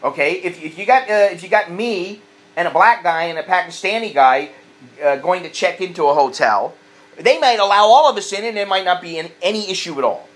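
A man's voice: sits high, brisk, a bit bright. A man telling stories in a casual, blunt rant, swearing freely and restarting his sentences often. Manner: blunt and profane, with frequent restarts. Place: living abroad in Southeast Asia.

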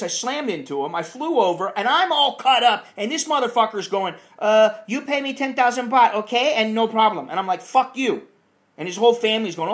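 A man with a notably high voice rants in a casual monologue. He is blunt and profane, swearing freely with no filter. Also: fairly bright tone. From United States.

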